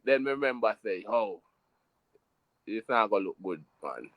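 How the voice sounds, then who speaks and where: Jamaican guy telling a story, talks emphatic and animated, dry close mic. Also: fairly low pitch, measured pace, no room sound, muffled recording. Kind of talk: casual storytelling chat.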